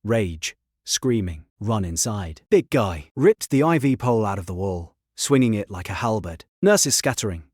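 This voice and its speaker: A man narrates a first-person story in short, clipped sentences. His voice is low and husky, and his pitch moves a lot. The recording is dry and close. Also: animated, normal speed, a little mellow, no room sound.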